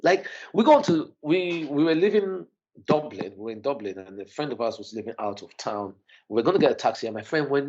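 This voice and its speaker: Animated man telling a story. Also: fairly high pitch, fast talker, dull audio. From Nigeria and the UK. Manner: animated, restarts often, voice rises when shocked. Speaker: podcast guest. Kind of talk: casual storytelling.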